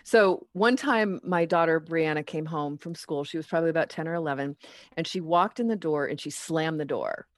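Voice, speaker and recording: Low-voiced woman telling a parenting story. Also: normal speed, no room sound, clean studio sound. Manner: animated storytelling, acts out her own and her child's lines. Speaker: parenting educator. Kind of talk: casual chat.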